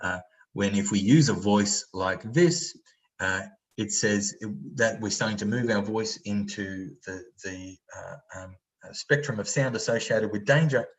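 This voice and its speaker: Deep-voiced man leading a training session. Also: a little slow, poor audio. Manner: conversational, many fillers, acts out example voices. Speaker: workshop facilitator. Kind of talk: online training lecture.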